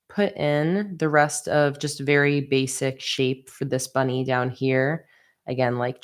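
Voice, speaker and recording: A woman livestreaming as she designs stickers, chatting casually and reading viewer comments aloud with easy laughs. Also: low voice. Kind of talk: casual livestream chat while drawing.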